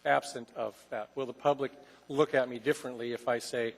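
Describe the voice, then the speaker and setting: A man's voice: medium pitch, quick pace. A man who serves on a city assembly, arguing his point at length in a public meeting over a desk microphone. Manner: argumentative, long-winded. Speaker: assembly member. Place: council chamber. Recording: reverberant council chamber.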